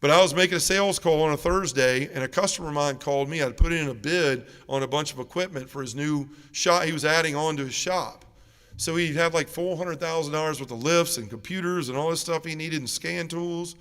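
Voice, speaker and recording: A man's voice: on the high side, brisk, fairly bright tone. A middle-aged man giving an earnest personal testimony at a parish mission, acting out the people in his story. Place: large church. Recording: long reverb of a church.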